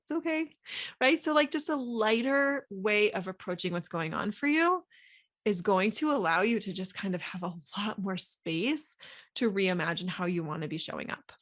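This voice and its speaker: A woman's voice: mid-range voice, expressive, normal speed, a bit bright. A woman hosting a solo coaching podcast, talking casually with many fillers and acting out inner thoughts. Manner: chatty, lots of "like" fillers, acts out inner voices.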